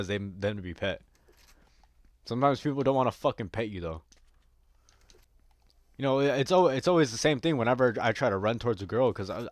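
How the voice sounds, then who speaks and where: A man's voice: on the low side, no room sound. A man giving casual gameplay commentary, rambling and joking crudely with a lot of swearing. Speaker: gaming streamer.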